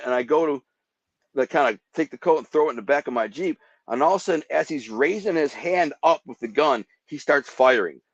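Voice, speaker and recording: A man's voice: on the high side, no room sound. Podcast guest, male, vivid storyteller who mimics gunfire; dry lo-fi sound. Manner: vivid, acts out gunshots with sound effects. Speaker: guest telling life stories. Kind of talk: animated storytelling.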